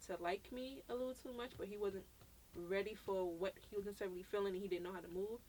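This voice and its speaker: A woman from Brooklyn talks fast in a medium-pitched voice, with a little hiss or hum in the background. Co-hosting a podcast, she tells a story in casual conversation, animatedly acting out the quoted dialogue and swearing freely.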